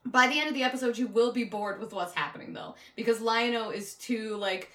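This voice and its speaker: Bright-voiced woman chatting about cartoons, laughs a lot, swears, roomy echo. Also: on the high side, a little fast, distant mic. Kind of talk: casual chat.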